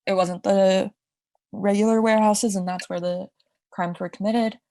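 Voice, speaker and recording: With a mid-range, mellow voice and a steady tone at normal speed, this podcast co-host narrates a crime story. She's a young woman who keeps it casual and chatty, with asides and restarts, and the recording has no echo.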